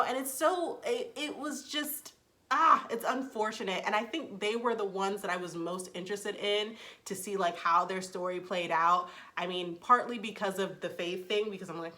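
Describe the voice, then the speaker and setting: Woman reviewer, bright tone, chatty recap delivery with frequent fillers. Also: mid-range voice, normal speed. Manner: chatty and expressive, with frequent "like" and "um" and vivid reactions. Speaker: TV show reviewer, channel host. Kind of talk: casual spoken recap and review.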